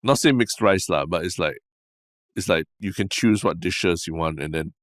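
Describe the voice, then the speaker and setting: Singaporean male co-host, very low pitch, laid-back banter. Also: moderate pace, no room sound, clean studio sound. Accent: Singaporean English. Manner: relaxed, laughing, sprinkles "lah". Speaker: podcast co-host. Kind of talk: casual chat.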